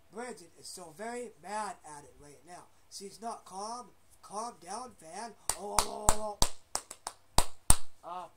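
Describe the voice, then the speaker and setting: A man at his computer rambling and scolding his upload buttons and a fan, repeating himself with sudden loud outbursts. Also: high-pitched. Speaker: home video maker. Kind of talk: rambling scolding monologue to objects. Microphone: built-in webcam mic. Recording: loud steady background noise with clicks.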